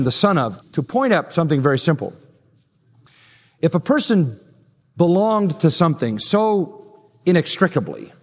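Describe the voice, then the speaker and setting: Guy preaching a sermon, high voice, lots of rhetorical questions and repeats, big echoey sanctuary. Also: darkish tone. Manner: emphatic, rhetorical questions, repetition. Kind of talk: expository sermon. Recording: long hall reverb.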